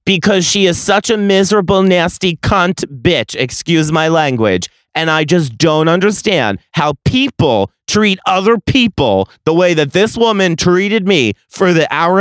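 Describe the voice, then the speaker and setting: A man's voice: a little high, clear, resonant tone, no room sound, studio quality. A man in his late twenties hosting a solo podcast, telling a story in a profane, exasperated, sarcastic rant. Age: late 20s. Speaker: podcast host.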